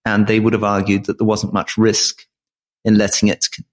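A middle-aged man co-hosting a political podcast, reasoning through ideas in a measured, analytical way. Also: lowish voice, completely flat delivery. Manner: measured, analytical, thinking aloud. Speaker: podcast co-host. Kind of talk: casual political chat.

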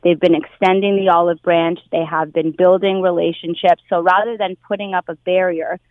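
A woman interviewed on radio as a union public relations director, speaking in a measured, deliberate way. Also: lowish voice, little pitch movement, dry recording. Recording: tinny dry phone line.

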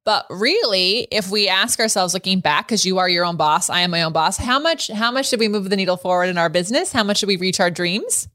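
A woman's voice: medium pitch, animated, fairly quick, few pauses, bright, forceful tone, dry recording, clean studio sound. A woman in her thirties hosting a podcast, chatting frankly and laughing often as she asks questions. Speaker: podcast host. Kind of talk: casual interview chat.

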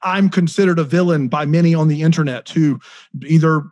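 A man co-hosts a podcast in casual chat, teasing himself as he goes. His voice sits a little high. The sound is dry and close, with no room around it. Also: brisk, a little mellow, no room sound, lo-fi sound. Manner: joking, self-deprecating. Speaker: podcast co-host.

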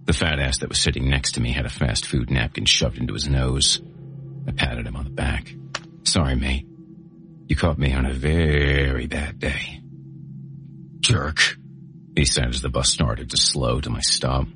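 A man with an extremely low, deep voice narrates a horror audiobook. His first-person delivery is gritty and menacing, and soft music plays under him. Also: fairly even intonation, moderate pace, pauses often. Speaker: host and narrator.

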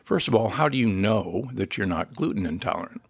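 Low, gravelly man explaining emphatically. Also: animated, fairly quick, no room sound. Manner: emphatic, lecturing. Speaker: guest physician and author. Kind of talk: podcast interview, explaining.

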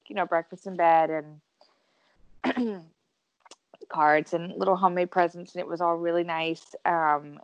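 Chatty woman with a lowish voice. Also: no echo, lo-fi sound. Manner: chatty, lots of "like" and "um". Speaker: podcast co-host. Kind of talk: casual chat among friends.

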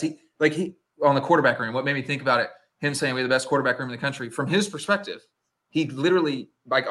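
A man's voice: medium pitch, fairly bright tone. A man co-hosting a sports podcast in casual chat, rambling with lots of "like" and restarts. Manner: rambling, heavy use of "like", restarts mid-sentence. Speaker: podcast co-host.

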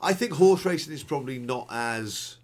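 A man co-hosting a podcast in casual chat, mostly chiming in with quiet agreement. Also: medium pitch, animated, moderate pace. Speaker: podcast co-host.

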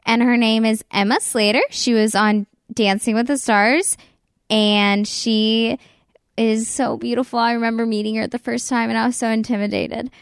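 Young american gal hosting a podcast, gushy, lots of "like", dry sound. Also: female voice, a little high, level tone, normal speed, clear, resonant tone, no room sound. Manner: warm, gushing, lots of "like" fillers. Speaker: podcast host. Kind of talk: casual interview chat.

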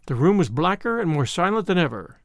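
A man narrating a classic ghost story in a vivid, expressive storytelling manner. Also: high-pitched, fairly quick, dry recording, clean studio sound. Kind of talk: dramatic audiobook narration.

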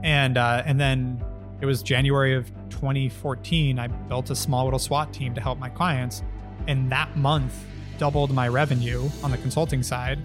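A man's voice: mid-range voice, normal speed. Thirties guy, business founder, blunt swearing storyteller, faint music behind him. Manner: blunt, profane, animated storyteller. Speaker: agency founder and guest. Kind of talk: casual interview storytelling.

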